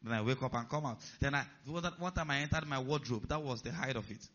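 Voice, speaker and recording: A man preaching a sermon, animated and putting rhetorical questions to his listeners. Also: mid-range voice, quick pace, lo-fi sound.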